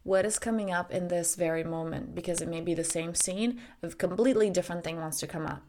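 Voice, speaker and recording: A woman's voice: lowish voice, quick pace, a little mellow, slight background noise. A woman life coach talking to listeners in an earnest, direct way, with the odd swear word. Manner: earnest, direct, mildly profane. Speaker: life coach and podcast host. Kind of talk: casual spoken monologue.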